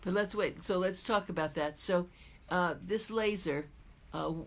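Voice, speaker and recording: A woman's voice: lowish voice, unhurried. A woman hosting a casual interview, encouraging her guest and steering him with questions. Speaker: talk show host.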